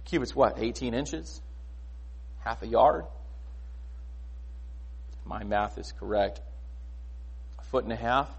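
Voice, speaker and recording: A man preaching a sermon in a conversational, animated way, often asking rhetorical questions. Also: mid-range voice, takes it slowly, gravelly, pauses often, husky. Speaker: pastor.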